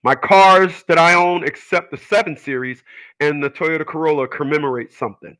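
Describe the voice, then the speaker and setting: Bright-voiced man ranting on his show. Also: fairly high pitch, moderate pace, rough recording. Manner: emphatic, repeats himself, stammering restarts. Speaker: radio show host. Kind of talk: casual monologue.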